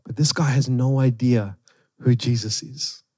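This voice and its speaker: A man preaching a sermon, retelling a story with animated emphasis. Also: medium pitch, unhurried, no room sound, clean studio sound. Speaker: pastor.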